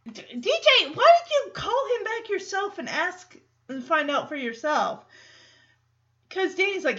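High-voiced chatty woman podcast host. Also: big pitch swings, measured pace, fairly bright tone, highs cut off. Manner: chatty, rambling, acts out quoted lines. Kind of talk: casual episode recap.

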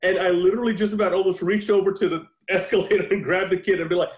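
A man in his forties with a slightly high voice tells stories with lots of energy and frequent laughter. He hosts a loose chat over a video call, and his voice carries a roomy echo. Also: fast, few pauses. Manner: animated storyteller, laughs often. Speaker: podcast host. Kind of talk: casual chat.

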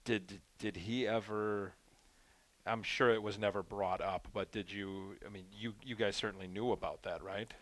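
A man's voice: on the low side, fairly even intonation, moderate pace, a bit bright. A man co-hosting a casual sports talk show, chatting and recalling old hockey anecdotes. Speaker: co-host.

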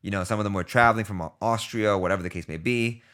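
A man in his thirties from New York City tells a story on his podcast in a casual way. His voice sits fairly low, and he acts out the dialogue in quick back-and-forth. Now and then he drops into low, muttered asides. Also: a bit bright. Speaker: podcast host.

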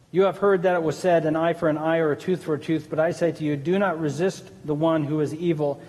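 A man's voice: high-pitched, darkish tone, big-room sound. A man, a pastor, preaching an earnest, conversational sermon with asides to the congregation.

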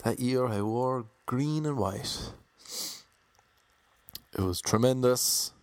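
A man in his thirties with a Cork Irish accent, telling a self-mocking comic story in a flat, monotone delivery. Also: medium pitch, slow pace, dry recording. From Ireland. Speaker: comedian and DJ. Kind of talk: storytelling monologue.

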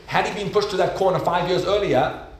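A man heading a yeshiva and teaching a Torah class to students, telling stories in an animated, conversational way. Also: high voice, a little fast. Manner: animated, conversational, acts out the voices in his stories.

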